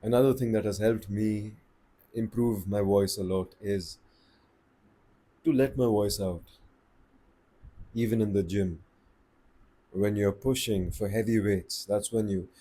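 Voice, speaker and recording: A man giving voice tips in a relaxed, unhurried, conversational way, slowing down to stress his points. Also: lowish voice, a little hiss or hum. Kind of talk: casual advice talk to camera.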